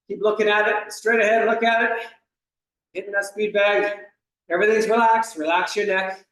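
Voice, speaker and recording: Male fitness instructor, encouraging, counts reps; high voice, distant mic in a very echoey room. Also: fairly bright tone. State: slight cough. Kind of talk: coaching an exercise class.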